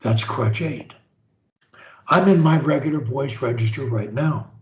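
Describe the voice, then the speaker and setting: A man leading a speech therapy session, modeling phrases slowly and emphatically. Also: a little mellow, echoey room. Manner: emphatic, slow modeling of phrases, swoops up and down in pitch.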